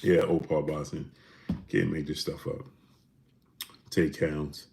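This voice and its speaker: Deep gravelly man hosting a livestream. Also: little pitch movement, takes it slowly, background noise. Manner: shouts out viewers by name, defensive and talkative. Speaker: boxing livestream host. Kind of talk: casual livestream chat reading super chats.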